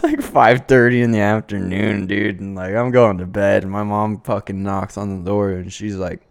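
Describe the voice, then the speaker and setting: A man's voice: lowish voice, vocal fry, no echo. A young man telling a rambling, profane story in a laid-back casual chat, full of fillers.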